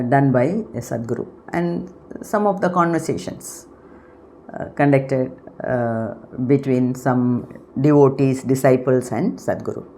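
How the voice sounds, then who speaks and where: Woman, spiritual channel host, low mellow voice, measured and explanatory, frequent pauses. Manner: unhurried, explanatory, pausing often to search for words. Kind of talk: unscripted spiritual talk.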